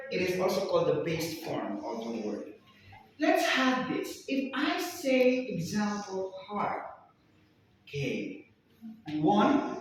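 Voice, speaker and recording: A man's voice: sits high, fairly bright tone. Male teacher, strict classroom driller, captured far off in a very echoey room with faint background noise. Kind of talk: classroom grammar lesson. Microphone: camera at a distance.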